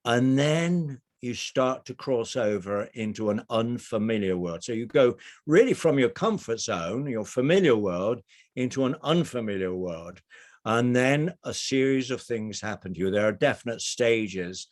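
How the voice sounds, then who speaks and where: A man in middle age speaks from a small boat kitchen, talking into a video call. His voice sits at an ordinary middle pitch. He tells his story in an animated way, often stopping to restart his sentences. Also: a little slow. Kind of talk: storytelling presentation. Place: narrowboat kitchen.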